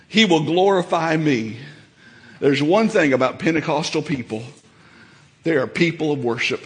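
A man preaching a sermon in a church, folksy and fervent, building up to shouts. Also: a little high, in a large hall. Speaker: pastor. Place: church sanctuary.

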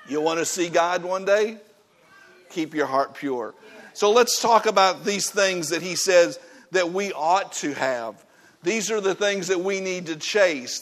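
A man preaches to his congregation in a fairly high voice. He is emphatic and folksy. His delivery swings between loud, driving points and quiet, stern asides. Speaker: pastor. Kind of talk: sermon. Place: church.

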